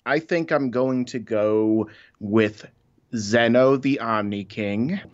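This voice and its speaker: A man's voice: mid-range voice, slow. A man taking part in a quiz over a call, easygoing and joking. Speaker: YouTuber and quiz contestant. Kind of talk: casual chat over a call. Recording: dull, lo-fi call audio.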